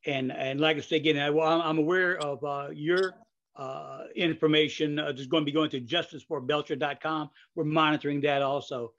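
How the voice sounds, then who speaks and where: A man's voice: fairly high pitch, steady tone, moderate pace, a bit bright. An older man hosting a podcast interview in casual chat, rambling with many fillers, restarts and asides. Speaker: podcast host. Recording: dull lo-fi audio.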